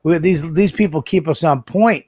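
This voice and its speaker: A man's voice: a little high, moderate pace, darkish tone, dry recording. Rambling man with a raised voice. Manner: rambling, full of "you know" and "man". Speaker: podcast co-host. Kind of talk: casual comedy podcast banter.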